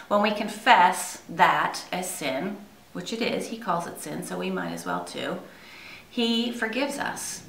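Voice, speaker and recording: A woman's voice: medium pitch, bright, forceful tone. A woman giving an earnest devotional sermon to her church, asking many rhetorical questions. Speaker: church speaker. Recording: echoey room, far from mic.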